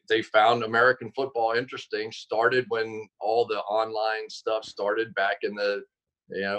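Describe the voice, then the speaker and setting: A man telling stories as a guest on a video call, animated and quick to correct himself mid-sentence. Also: lowish voice, low-quality recording. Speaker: guest, football analyst. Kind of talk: casual interview chat.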